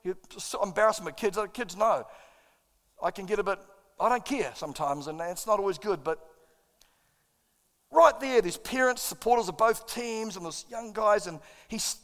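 High-voiced New pastor preaching. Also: male voice, normal speed. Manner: impassioned, self-deprecating, animated storyteller. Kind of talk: sermon storytelling. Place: church auditorium. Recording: long reverb in a large hall.

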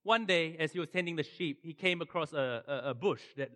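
A middle-aged man preaching a sermon and telling the story with animated swings from loud to hushed. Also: a little high, a little fast, big-room sound. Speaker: pastor.

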